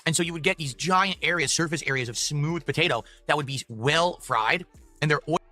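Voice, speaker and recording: A man reviewing fast food in a measured, descriptive, matter-of-fact way. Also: a little high, bright, forceful tone, soft background music.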